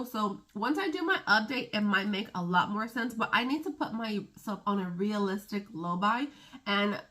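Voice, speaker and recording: Woman in her 30s doing a beauty vlog, bright voice, rambly and laughing at herself. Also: a little high. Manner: chatty, rambling, laughs at own stumbles. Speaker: beauty vlogger. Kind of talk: casual chat to camera.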